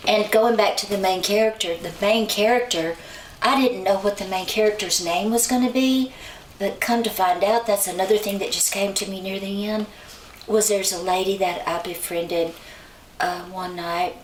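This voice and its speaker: A woman's voice: mid-range voice, moderate pace. A woman, a songwriter and author, casually telling stories and acting out the people she quotes. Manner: chatty, acts out quoted people with lively shifts in voice. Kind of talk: casual storytelling in an interview. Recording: roomy sound from a distant mic, faint noise.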